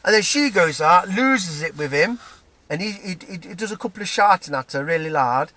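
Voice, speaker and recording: A man's voice: high voice, animated, moderate pace, bright, forceful tone. A man with an English accent telling an angry personal story in a rambling monologue, often repeating himself. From England. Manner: agitated, repetitive, restarts often. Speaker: vlogger.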